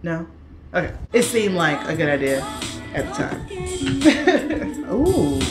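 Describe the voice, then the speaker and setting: A woman's voice: low-pitched, huge pitch swings, takes it slowly, music in the background. A young woman in her studio apartment unboxing packages in a casual vlog, playful and slangy, sometimes breaking into song. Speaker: vlogger.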